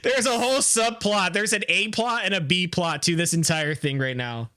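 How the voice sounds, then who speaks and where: A man's voice: high voice, normal speed, sharp tone, no echo, studio quality. A man co-hosting a podcast in casual comedic chat, playfully riffing on jokes and eagerly agreeing. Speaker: podcast co-host.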